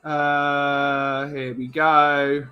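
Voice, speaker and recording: A man's voice: on the high side, little pitch movement, extremely slow, clear, resonant tone, dull audio. A man from England hosting a casual live-stream podcast, rambling chattily and greeting chat viewers by name.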